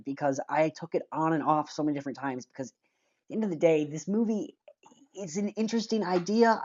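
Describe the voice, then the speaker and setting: Low-voiced woman, casual movie reviewer, blunt and rambling, slightly dull lo-fi sound. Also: dark tone. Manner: blunt and rambling, sighs, gropes for names.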